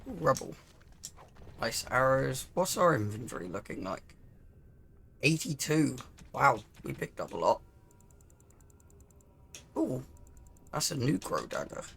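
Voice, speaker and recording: A man hosting a casual let's-play, musing aloud over game menus with a throat roughened by coughing. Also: medium pitch, very animated, takes it slowly, long pauses, fairly bright tone, slight background noise. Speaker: gaming channel host.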